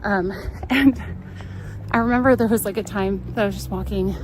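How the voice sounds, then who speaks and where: A woman's voice: mid-range voice, normal speed. A young woman from California chatting and telling stories on a live travel stream while walking down a street. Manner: chatty, storytelling, laughs often, reads out chat. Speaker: travel vlogger. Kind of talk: casual live-stream chat. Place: outdoors on a town street. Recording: outdoor street noise. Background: traffic and street noise.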